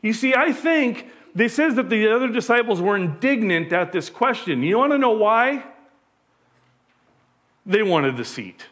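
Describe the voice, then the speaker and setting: High-voiced man preaching conversationally. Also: animated, moderate pace, hardly any pauses, a bit bright. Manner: conversational preaching with rhetorical questions. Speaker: pastor. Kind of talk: sermon.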